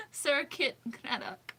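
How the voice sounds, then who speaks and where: A woman's voice: high-pitched, wildly swooping pitch, extremely slow, sharp tone. A woman hosting a casual livestream, reading out suggestions, giggling often and thinking aloud as she second-guesses pronunciations. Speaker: livestream host.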